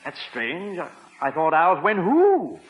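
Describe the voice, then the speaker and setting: An actor playing a flustered, dry-witted English butler in a 1950s radio sitcom, speaking with an English accent and nervous stammers. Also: male voice, on the high side, wildly swooping pitch, slow, lo-fi sound, noisy background, full character voice. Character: fussy, dry-witted English butler, middle-aged man.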